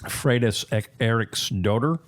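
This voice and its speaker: A man hosting an interview podcast, chatting in a halting, playful way with many fillers. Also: medium pitch, no room sound. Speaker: podcast host. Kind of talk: conversational interview.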